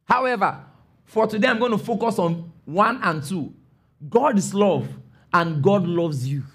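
A man preaching a sermon, emphatic, stopping often to ask his listeners if they follow and sometimes rising to a shout. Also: sits high, unhurried, slightly rough. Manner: emphatic, calls for congregation responses; rises to shouts on key phrases.

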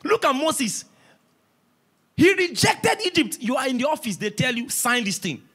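A man preaching from the pulpit, acting out stories with quoted voices and building to loud, forceful shouts. His voice sits high for a man and swings widely in pitch. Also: normal speed. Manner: storytelling, animated, rising to shouts. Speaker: pastor. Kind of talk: sermon.

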